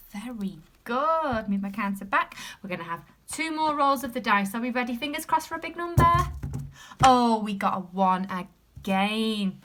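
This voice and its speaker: Female reception teacher, English accent, higher voice, very lively intonation, slow sounding-out of letters, warm encouragement, occasional whispers. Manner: sing-song, sounding out letters slowly, encouraging; drops to a whisper at times. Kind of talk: recorded phonics lesson for young children.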